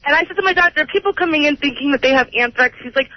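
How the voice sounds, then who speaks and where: A woman's voice: high voice, very fast, dry recording. A woman calling in to a radio show, telling an emphatic story. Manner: emphatic, chatty. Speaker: caller. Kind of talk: call-in chat. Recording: radio phone line.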